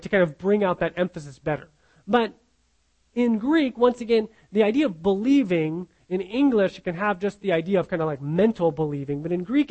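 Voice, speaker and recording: A man with a fairly high voice preaches a sermon, walking his listeners through a Bible passage. He teaches earnestly, repeats key phrases for emphasis and often checks in with "right?". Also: darkish tone, low-quality recording.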